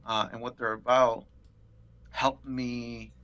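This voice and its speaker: Gravelly man telling a lively story. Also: medium pitch, takes it slowly, lo-fi sound. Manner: animated, swearing, acts out quotes. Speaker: podcast guest. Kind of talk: casual storytelling.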